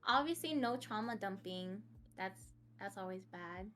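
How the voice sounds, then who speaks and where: A woman's voice: medium pitch, animated, unhurried, a bit bright, soft background music. A young woman streamer chatting casually as a podcast guest, laughing often. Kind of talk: casual interview chat.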